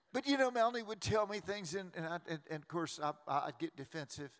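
A man, preaching a sermon as a pastor in a folksy, joking way with quick restarts. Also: fairly high pitch, lively intonation, fairly bright tone. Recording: long reverb of a large hall.

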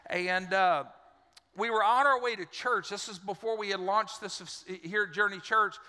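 A man's voice: high-pitched, normal speed, sharp tone. A middle-aged male pastor preaching a sermon in a church auditorium, a folksy storyteller who jokes with the congregation. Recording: long church reverb.

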